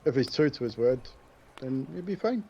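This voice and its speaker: A man's voice: medium pitch, animated, moderate pace, a little mellow, muffled recording, slight background noise. A man playing a tabletop game, speaking bluntly and matter-of-factly. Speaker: player. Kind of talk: casual tabletop gameplay talk.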